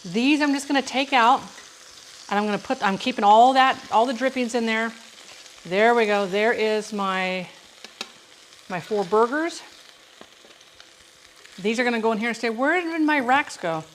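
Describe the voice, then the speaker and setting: Middle-aged woman, cooking host, slightly high voice, rambling chatty asides, kitchen with faint sizzling behind. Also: moderate pace, long pauses, a little hiss or hum, low-quality recording. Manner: rambling, warm storytelling with frequent asides to viewers. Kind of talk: chatty live cooking demonstration. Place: home kitchen. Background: sizzling frying pan.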